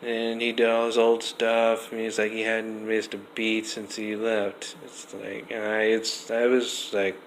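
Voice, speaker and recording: A young man giving a casual, rambling wrestling review, restarting sentences often and getting animated. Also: on the low side, a little slow, few pauses, poor audio. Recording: faint background noise.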